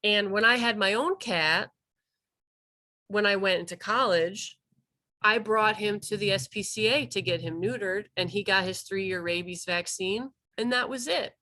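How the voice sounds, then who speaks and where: Bright-voiced woman telling a lively story. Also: medium pitch, a little slow. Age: 30s. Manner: lively storytelling, acting out quoted dialogue. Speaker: wildlife rehabilitator and vet tech presenter. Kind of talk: continuing education talk told as personal story.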